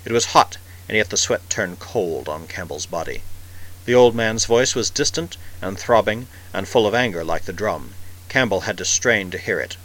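Male narrator, scripted audiobook reading, measured and vivid, bright tone. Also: on the low side, lively intonation, poor audio.

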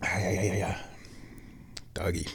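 A man's voice: sits low, level tone, normal speed, background noise. A man around fifty hosts a casual solo show from home, rambling wryly and chuckling at his own jokes. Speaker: podcast host.

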